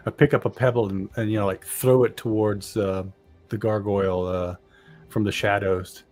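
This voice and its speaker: A man's voice: on the low side, little pitch movement, normal speed, a little mellow, soft background music. A man casually playing a tabletop game, describing his character's moves in loose chatter. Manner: loose, rambling player chatter. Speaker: player.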